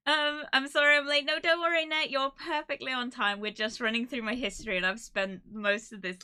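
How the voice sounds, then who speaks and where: A woman's voice: high voice, fairly even intonation, a little fast, hardly any pauses, pushed and bright, clear, resonant tone. A young woman streaming live, chatting casually and emotionally, laughing and close to tears as she thanks her viewers.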